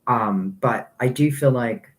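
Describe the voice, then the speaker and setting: Man, mid-pitched, tarot reader on a live stream, rambling and earnest. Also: slow. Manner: rambling, thinking aloud; earnest, a little hurt by critics.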